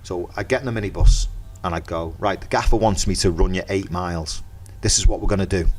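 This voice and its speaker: A middle-aged man with a Merseyside accent talks as a guest on a podcast, in a very low, deep voice. He tells his stories lively and casually, acting out each person's lines himself. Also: quick pace, soft background music. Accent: Merseyside English. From Merseyside, England. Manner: lively anecdotal storyteller acting out dialogue. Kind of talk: casual chat.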